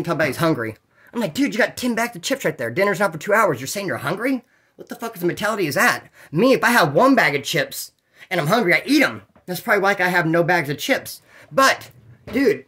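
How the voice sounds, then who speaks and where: A man telling prison stories in a casual, animated way, swearing often and acting out other people's voices. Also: high-pitched. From California. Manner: animated, profane, acts out quoted voices. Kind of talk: casual storytelling.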